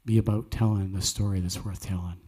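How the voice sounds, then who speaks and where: With a deep, dark voice and level tone, a man hosts a live cafe music night at a brisk pace. He tells stories earnestly and preaches folksily, dropping in jokey asides.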